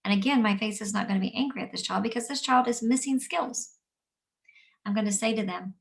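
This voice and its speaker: A woman who teaches young children, explaining calmly and gently and acting out what she says to kids. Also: mid-range voice, brisk, vocal fry, recorded from a distance. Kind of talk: instructional talk. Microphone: camera mic at a distance.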